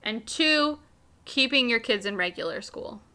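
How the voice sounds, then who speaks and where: A woman's voice: a little high, expressive, unhurried, bright, forceful tone. A young woman co-hosting a podcast in casual chat, upbeat and filling her talk with "like". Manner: upbeat, says "like" a lot. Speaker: podcast co-host.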